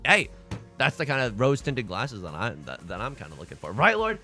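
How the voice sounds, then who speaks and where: A young man chatting casually on a livestream as he plays mahjong and reads chat aloud, joking and animated. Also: mid-range voice, fairly quick, faint music behind. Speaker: streamer playing online mahjong.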